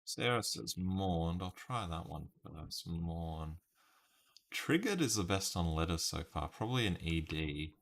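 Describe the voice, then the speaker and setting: On a relaxed webcam stream, a man works through a word puzzle, musing aloud about guesses and talking to viewers by name. His low voice is gravelly and expressive, moving a little slowly.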